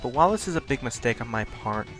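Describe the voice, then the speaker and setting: A man hosting a countdown video, talking fast with occasional stutters in a blunt, self-critical way. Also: medium pitch, expressive, a bit bright, soft background music. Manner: talks fast, stutters at points. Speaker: YouTube countdown host. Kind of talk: scripted countdown commentary.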